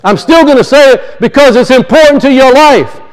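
Male preacher, very high voice, impassioned sermon delivery, repeats his points, swings between loud and hushed. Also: animated, normal speed, clean tone, low-quality recording. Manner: impassioned, repetitive, rising and falling emphasis. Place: church.

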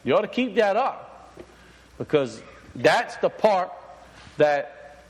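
A man with a high voice and big pitch swings preaches slowly to his congregation. His talk is casual and full of fillers and restarts, and he often questions his listeners. The recording has long hall reverb.

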